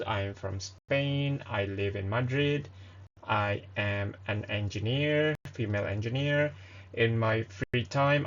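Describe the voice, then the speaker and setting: A man's voice: medium pitch, gravelly. A man hosting a casual beginner language lesson, who reads short phrases, translates them and explains with hesitant fillers and self-corrections. The audio is dull and lo-fi. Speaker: Spanish lesson host.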